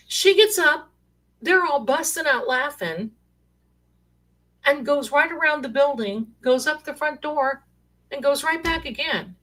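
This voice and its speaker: A middle-aged woman telling rambling, animated stories in a casual way. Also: high-pitched, a little slow. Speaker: storyteller sharing paranormal stories. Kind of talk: casual storytelling.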